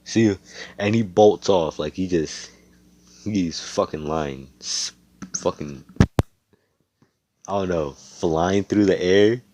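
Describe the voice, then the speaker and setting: A man's voice: deep voice, slow pace, pauses often, darkish tone, slight background noise. A young man improvising a fan fiction story in a rambling, profane, slangy way.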